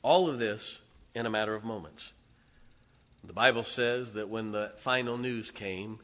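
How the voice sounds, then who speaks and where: A male preacher delivers a sermon as a dramatic story. His voice is bright and forward, and he slips into the voices of the people in the tale as he goes. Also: on the low side, a little slow. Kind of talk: sermon retelling a Bible story.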